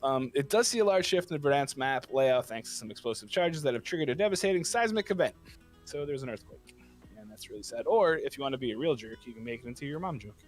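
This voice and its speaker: A man's voice: expressive, fast talker, faint music behind. A man co-hosting a morning radio show, reading gaming news as a jokey back-and-forth. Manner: playful, acts out silly back-and-forth with high squeaky replies. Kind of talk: casual comedic radio banter.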